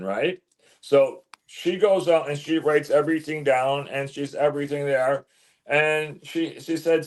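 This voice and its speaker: A man telling a story as an interview guest, animated, stumbling and repeating words as he goes. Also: a little high, measured pace. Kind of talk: casual storytelling.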